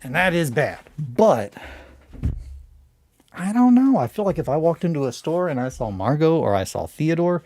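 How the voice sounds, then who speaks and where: A man's voice: on the high side, big pitch swings, moderate pace, a little mellow, a little hiss or hum. A man hosting a hobby stream, talking in a casual, rambling way, restarting sentences and swearing freely.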